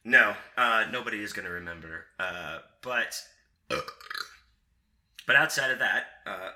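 A man's voice: lowish voice, a little slow, bright, forceful tone. A man hosting a casual chat, bantering in a loose, joking, profane way. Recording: echoey room.

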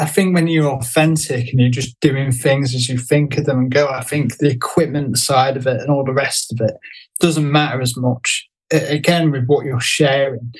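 A man with a husky, breathy voice talks casually as a podcast guest. He hesitates often and circles back with fillers and restarts, while his pitch sits in a middle range. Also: poor audio. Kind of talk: casual chat.

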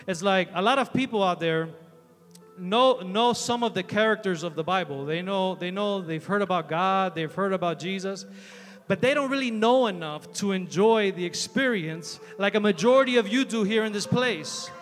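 High, bright-voiced man preaching in a hall. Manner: energetic, chatty storytelling with many fillers. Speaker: youth preacher. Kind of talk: sermon. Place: large hall with an audience.

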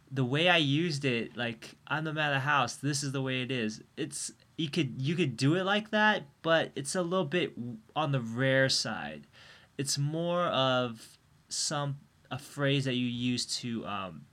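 A man's voice: mid-range voice, expressive, unhurried, bright, forceful tone. A man co-hosting a podcast in casual chat, rambling with many fillers and restarts. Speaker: podcast co-host.

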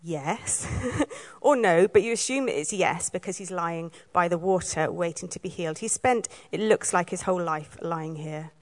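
A woman from Wales giving a sermon, telling the story in a lively way and acting out the lines she quotes. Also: fairly low pitch, normal speed. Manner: lively storytelling, acts out quoted lines, laughs now and then. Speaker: preacher.

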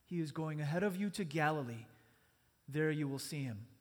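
A man's voice: a little high, expressive, normal speed. A man preaching a sermon as pastor, earnest and conversational, speaking in a church sanctuary. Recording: long church reverb.

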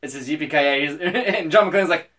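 A lively man with a bright, forceful voice, bantering casually as a podcast co-host. His pitch leaps around as he jokes, swears and argues his side. The talk is loose and playful. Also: moderate pace. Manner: animated, swearing, jokey, jumps high in pitch when excited.

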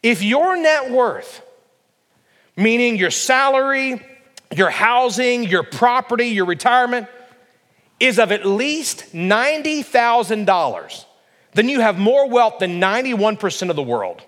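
A man's voice: very high-pitched, animated, unhurried, fairly bright tone. A man preaching a sermon to his congregation, emphatic and full of rhetorical questions. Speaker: pastor. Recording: long reverb of a large hall.

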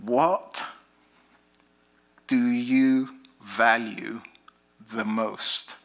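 British guy giving a sermon, bright voice, slow and deliberate, gets emphatic. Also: medium pitch, gravelly. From Britain. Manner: animated storytelling, rising to emphatic lines then dropping soft. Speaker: preacher.

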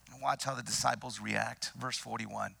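A man preaching a sermon with dramatic, deliberate delivery, repeating phrases and dropping into whispers for emphasis. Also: mid-range voice, fairly even intonation, gravelly, pushed and bright, husky. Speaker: pastor.

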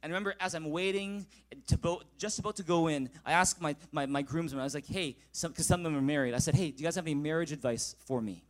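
A man in his thirties preaching a sermon as pastor, leading the congregation in call-and-response and rising loud when reading scripture. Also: on the high side, fast talker.

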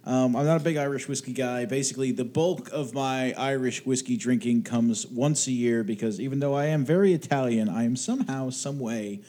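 A man talking casually as a podcast co-host from his home studio. His voice is warm and mellow at an ordinary pitch. He jokes around, swears now and then and chuckles often. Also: fairly quick, few pauses. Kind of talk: casual chat.

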